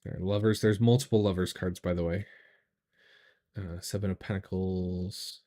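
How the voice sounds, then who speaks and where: A man hosting a casual live stream, chatting in a relaxed, rambling way with many fillers and restarts, enthusiastic about what he shows. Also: sits low, moderate pace. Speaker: tarot reader and channel host.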